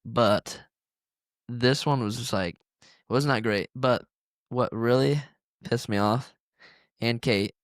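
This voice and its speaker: A man's voice: medium pitch, slow, pauses often, dry recording, studio quality. A young man co-hosting a podcast, telling a story in a rambling, casual way full of fillers. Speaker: podcast co-host. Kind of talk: casual chat.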